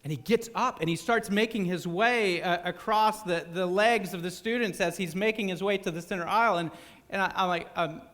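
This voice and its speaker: A male preacher telling a story in a sermon, animated and often repeating words as he stumbles. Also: sits high, a little fast, big-room sound.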